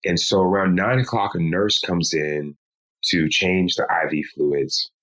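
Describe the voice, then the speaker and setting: A man, a podcast guest, recounting a painful personal story in a slow, measured way. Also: sits low, fairly even intonation, fairly bright tone, low-quality recording. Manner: slow, measured telling with pleading quoted lines.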